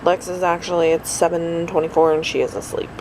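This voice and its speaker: A woman's voice: on the low side, level tone, brisk, noisy background. A tired middle-aged woman rambling through a casual daily vlog, full of fillers and asides. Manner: rambling, chatty, lots of fillers. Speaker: vlogger.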